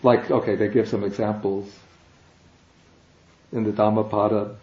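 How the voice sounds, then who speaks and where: A man teaching a language class, explaining slowly and patiently, step by step. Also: lowish voice, level tone. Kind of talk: classroom lecture. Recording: dull, echoey classroom recording.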